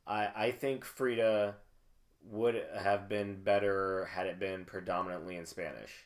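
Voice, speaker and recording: A low-voiced podcast co-host chats about films in a loose, animated way. He fills his talk with "like" and "you know" and laughs easily. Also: a little slow. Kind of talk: casual film discussion.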